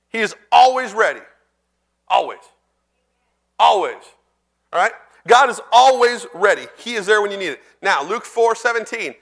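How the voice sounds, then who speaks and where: A man preaching a sermon in a church, speaking conversationally to the congregation, asking them questions and reading scripture slowly and deliberately. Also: sits high, a bit bright.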